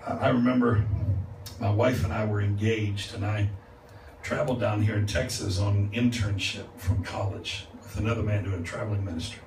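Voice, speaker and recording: A man preaching a revival sermon as a guest speaker, moving from calm teaching to loud, laughing exclamations. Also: lowish voice, a little fast. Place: church sanctuary. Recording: echoey church, distant mic, noisy. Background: congregation responding.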